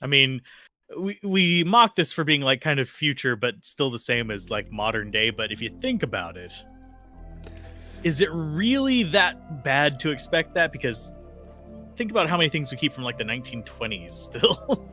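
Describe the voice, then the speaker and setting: A male co-host with a bright, sharp voice that swings up and down a lot. He chats in a joking, animated way over quiet game music. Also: mid-range voice, moderate pace. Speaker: gaming stream co-host. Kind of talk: casual let's-play commentary.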